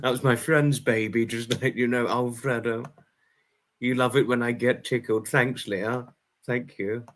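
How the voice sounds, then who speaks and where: Giggly man hosting a slow, bright livestream. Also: medium pitch, steady tone. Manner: giggly, laughs constantly between words. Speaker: livestream host. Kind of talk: casual chat reading viewer comments.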